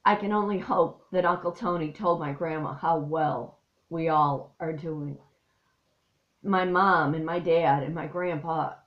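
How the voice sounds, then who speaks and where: A woman's voice: fairly low pitch, roomy sound, lo-fi sound. A woman from Missouri, an artist and life coach, talking in a heartfelt, rambling way with many fillers, choked up at times. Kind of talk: personal vlog monologue. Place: her home.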